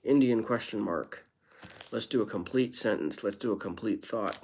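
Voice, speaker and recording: A young man hosting a live stream, with a voice sitting a little on the low side. He reads chat messages and answers them in a loose, rambling way, full of wry, self-deprecating asides. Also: normal speed, a little mellow. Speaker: livestreamer. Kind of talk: casual live stream chat, reading viewer comments.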